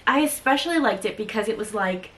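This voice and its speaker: A woman's voice: fairly high pitch, lively intonation, quick pace, a bit bright, distant mic. Young woman co-host, casual book chat: gushing and repetitive, recorded slightly off-mic. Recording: voice sitting off-mic.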